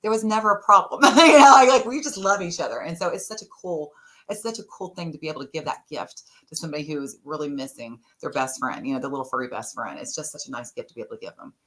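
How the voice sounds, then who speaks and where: Bright-voiced woman telling stories. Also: sits low, fast. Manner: warm storyteller, laughs often. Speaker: podcast guest, tarot reader. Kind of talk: casual interview talk.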